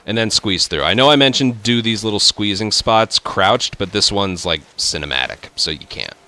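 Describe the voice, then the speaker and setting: A man hosting a speedrun tutorial, explaining step by step in relaxed casual game commentary. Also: fairly low pitch, moderate pace, a little hiss or hum.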